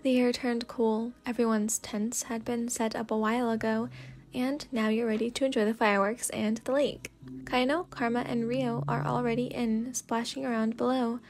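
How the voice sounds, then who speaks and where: Woman, sleepy soft storyteller, slightly high voice, whispered role-play, second-person narration. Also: level tone, normal speed. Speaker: fanfic reader.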